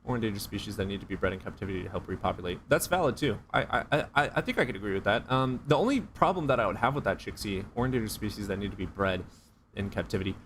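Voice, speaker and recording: A man's voice: on the low side, expressive, very fast, fairly bright tone, slight background noise. A man casually answering viewers' chat on a live stream, joking and swearing as he rambles.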